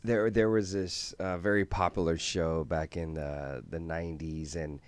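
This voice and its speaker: A man's voice: low voice, steady tone, a little slow, clear, resonant tone. A man hosting an interview, speaking hesitantly, with many restarts as he tells a story. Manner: hesitant, many restarts, quotes others animatedly. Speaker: podcast host. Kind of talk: conversational interview.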